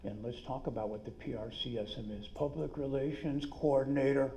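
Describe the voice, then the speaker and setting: A middle-aged man with a New York accent gives an energetic, salesy seminar talk at a conference, full of quick asides. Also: medium pitch. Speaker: dentist and business speaker. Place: conference room.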